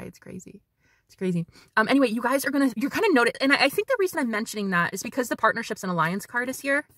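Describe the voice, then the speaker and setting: A woman tarot reader giving a casual spiritual reading, chatty and animated, swearing freely as she talks to her viewers. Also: lowish voice, no echo, studio quality.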